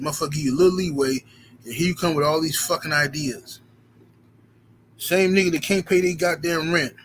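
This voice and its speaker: A man hosting a casual livestream, reading out viewer messages and riffing in a profane, rambling, animated way. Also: fairly high pitch, slight background noise. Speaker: livestream host reading super chats.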